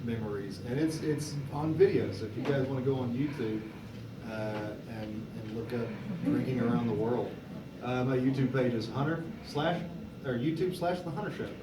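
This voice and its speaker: With a mid-range voice at a moderate pace, a young convention panel moderator animatedly shares a casual anecdote, laughing frequently. Background noise, room echo and a distant mic mark the recording.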